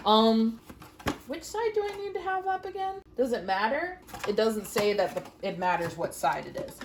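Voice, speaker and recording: A woman's voice: medium pitch, big pitch swings, normal speed, background noise. A woman vlogger chatting casually while baking in her home kitchen, giggling and cracking puns at herself, recorded on a phone. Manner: giggly, self-mocking, chatty, makes puns.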